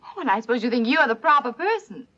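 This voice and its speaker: Scarlett, haughty belle. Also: female voice, fairly high pitch, big pitch swings, fast, pushed and bright, exaggerated voice. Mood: indignant. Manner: indignant, haughty. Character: proud, spirited young Southern belle. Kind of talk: 1930s film acting. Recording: dull old film soundtrack.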